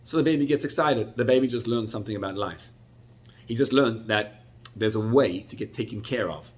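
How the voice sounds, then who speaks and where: A middle-aged man, a rabbi, teaching a Torah class with animated, expressive storytelling and sudden jumps in pitch. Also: fairly quick.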